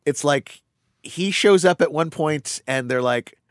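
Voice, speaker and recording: A man chatting casually as a podcast co-host, telling stories with animated bursts and fillers. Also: clear, resonant tone, dry recording, clean studio sound. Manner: animated storyteller, quick bursts, drops into low voices for quoted characters. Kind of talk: casual chat.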